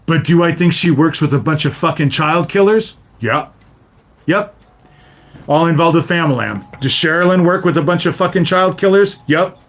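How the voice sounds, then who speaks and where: A man in his fifties delivers a profane livestream rant, speaking directly to the people in his chat. His voice sits a little high for a man. He peppers his sentences with swearing and a habitual "you know?". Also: normal speed. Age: 50s. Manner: swears constantly, addresses viewers directly, repeats "you know?". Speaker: livestream host.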